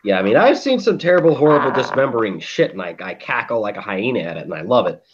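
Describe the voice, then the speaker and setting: A man co-hosting a podcast, telling a story in a profane, animated way and acting out quotes. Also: on the low side, fast, muffled recording. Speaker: podcast co-host. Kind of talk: casual chat.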